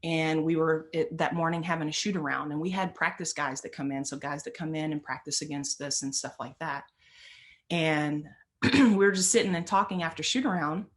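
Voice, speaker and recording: An earnest middle-aged woman gives a storytelling talk on stage, building her points through repeated, emphatic phrases. Her voice sits a little low for a woman. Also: moderate pace. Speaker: motivational speaker.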